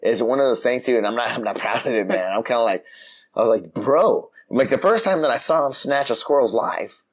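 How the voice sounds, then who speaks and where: A man on a casual podcast, telling a story with lively voices for the people in it. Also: medium pitch, fast talker, slightly rough. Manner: animated storytelling, acts out voices, frequent restarts. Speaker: podcast co-host. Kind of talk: casual chat. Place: room outside the usual studio.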